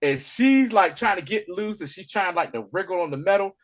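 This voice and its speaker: Animated high-pitched man retelling a show. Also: a little fast. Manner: animated storytelling, acts out characters' lines. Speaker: podcast co-host. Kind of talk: casual spoiler review chat.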